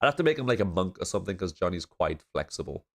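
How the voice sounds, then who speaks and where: A man's voice: low-pitched, big pitch swings, very fast, gravelly. A man from northeast England with a blocked nose, chatting casually and laughing as he reacts to a show. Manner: chatty, laughing, swearing freely.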